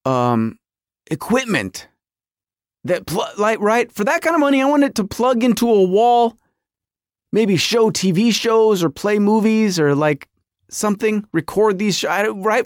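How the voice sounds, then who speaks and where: A man's voice: sits high, lively intonation, normal speed, no room sound, studio quality. A middle-aged man hosting a podcast, telling a comic story about his marriage with exaggerated quoted voices. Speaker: podcast host.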